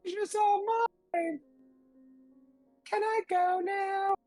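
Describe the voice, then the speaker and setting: A man's voice: very high-pitched, little pitch movement, takes it slowly, a little mellow, soft background music, voice pushed up. A man voicing a small, shy griff boy who talks in a meek, piping voice.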